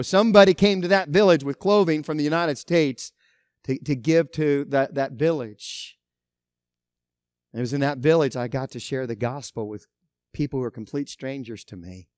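Guy pastor preaching, kinda high voice, dry close mic, gets loud then drops soft. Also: no room sound. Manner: emphatic, swinging between loud stresses and quiet asides. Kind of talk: sermon.

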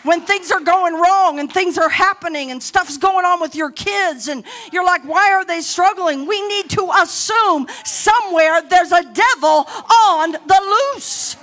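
A middle-aged woman pastor preaching a sermon boldly, rising to shouts between laughing asides. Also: very high voice, a little slow, hardly any pauses.

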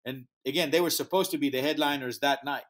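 A fast-talking man with a mid-range voice recounts an interview story about founding a music festival with real animation. His English is slightly non-native as he acts out the quoted dialogue.

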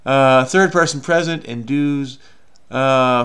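Chatty, gravelly man solving puzzles. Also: medium pitch, slow, fairly bright tone. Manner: rambling, self-mocking, chatty. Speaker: crossword video host. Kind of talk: casual solo commentary while solving.

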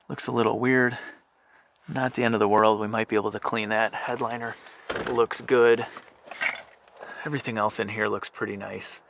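A man's voice: fairly low pitch, sharp tone. A man giving casual, chatty commentary as he walks around and inspects a car, thinking aloud as he goes. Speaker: car flipper vlogger.

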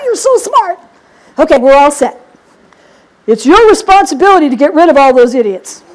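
A woman's voice: high-pitched, darkish tone, rough recording. A middle-aged woman teaching a real estate seminar, telling a story with energy and acting out both sides of each conversation. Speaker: real estate investing trainer. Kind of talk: seminar talk to a live audience.

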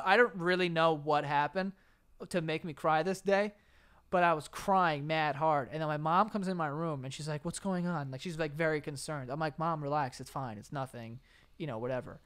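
A young man, co-hosting a podcast and telling stories in an animated way, acting out quotes and laughing often. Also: fairly high pitch, normal speed, clear, resonant tone. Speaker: podcast co-host. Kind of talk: casual chat.

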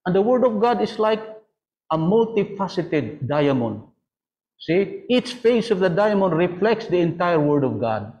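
Man, priest panelist, high voice, dull lo-fi sound, preaching tone. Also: big pitch swings, a little slow, darkish tone. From Philippines. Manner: preaching, explanatory, rhetorical questions. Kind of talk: answering a question in a panel talk. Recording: dull lo-fi audio.

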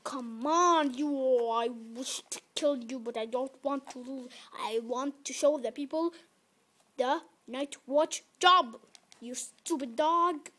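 High halting voice. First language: Arabic. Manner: halting, repeats words, scolds the game animals loudly. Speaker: gameplay video maker. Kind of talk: casual gameplay commentary. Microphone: phone camera held between the knees.

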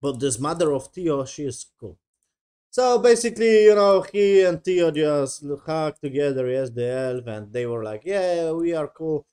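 A man's voice: a little high, lively intonation, normal speed, darkish tone, clear, resonant tone. A man with a somewhat raised voice delivers a casual, foul-mouthed review rant. He speaks English as a second language and sounds sarcastic and fed up, swearing in nearly every sentence. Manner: sarcastic, swears constantly, mocks characters in whiny voices; non-native English phrasing. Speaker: show reviewer.

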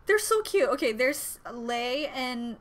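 A young woman hosting a reaction video, chatting and gasping with excitement as she comments on what she watches. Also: high voice, slow.

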